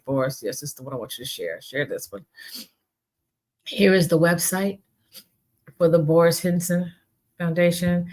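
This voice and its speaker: A woman hosting her own podcast alone, talking earnestly and pleading with her listeners, often repeating her pleas. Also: low voice. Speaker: podcast host. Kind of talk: heartfelt solo podcast talk.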